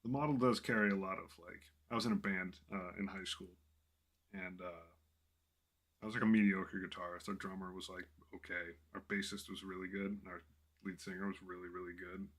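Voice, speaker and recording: A man casually thinking aloud to himself while painting a miniature in his small home office, relaxed and self-deprecating. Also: deep voice, fairly quick.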